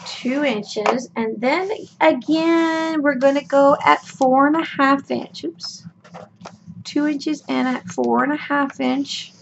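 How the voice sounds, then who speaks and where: This craft tutorial host has a high voice and a slow pace, sounding worn out as she casually explains each step. She's chatty and folksy, sprinkling in lots of ums and okays, and the lo-fi sound is dull with clear room noise.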